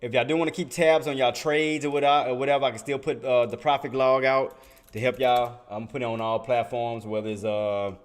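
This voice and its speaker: A man hosting a live trading stream, talking straight to his viewers in loose slang. He laughs often and keeps it casual, in a middle-pitched voice. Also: fairly even intonation, fairly quick.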